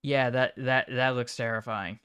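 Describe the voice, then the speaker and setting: A man livestreaming, reacting to chat images in an offhand, mumbling way with sudden excited outbursts. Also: mid-range voice, a little slow, clean tone, dry recording. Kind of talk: casual live-stream commentary.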